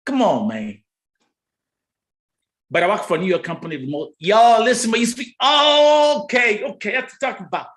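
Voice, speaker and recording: A man's voice: sits high, expressive, moderate pace, a bit bright. A man with a Kenyan accent hosting a live stream, chatting casually and teasing his viewers. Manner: teasing, playful, bantering.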